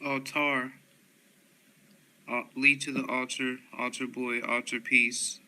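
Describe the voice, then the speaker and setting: A man reading a long list of dictionary words aloud one by one, steady and unhurried, with small slips and corrections. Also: mid-range voice, low-quality recording.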